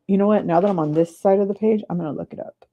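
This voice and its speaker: A woman hosting a live stream from her desk, chatting casually and breaking into high excited cheers, on a clip-on mic. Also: rapid-fire, dull audio. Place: home desk. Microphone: clip-on mic in her shirt.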